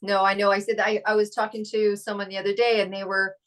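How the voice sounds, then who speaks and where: Lively woman podcast host. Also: medium pitch, fast talker. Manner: lively, acts out quoted voices. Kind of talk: casual interview chat.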